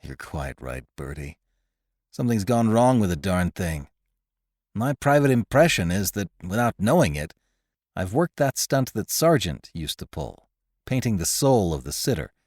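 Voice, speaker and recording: A man voicing an anxious, gloomy young artist who speaks in a low, doubtful, hesitant way. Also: big pitch swings, normal speed, darkish tone, no room sound, studio quality. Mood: glum.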